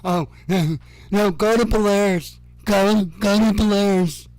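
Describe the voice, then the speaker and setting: A man's voice: high voice, unhurried, a little mellow, no room sound, pitched above the performer's own voice. A whiny, mock-frightened leader pleads in a rising voice, sarcastic and overdone, as a man puts him on. the voice is clean and close. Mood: mock-scared. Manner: sarcastic mockery.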